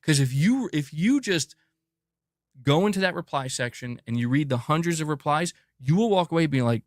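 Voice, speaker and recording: A man's voice: fairly high pitch, animated, moderate pace, dry recording, clean studio sound. A man ranting emphatically in video commentary, repeating himself in exasperation. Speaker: commentator in a played clip.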